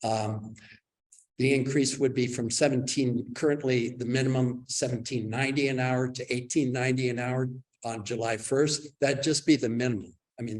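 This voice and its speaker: A man's voice: mid-range voice, a little mellow, rough recording. Male public commenter, earnest and pressing, ordinary mid-range voice. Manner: earnest advocacy, pressing for wage increases. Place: government meeting room.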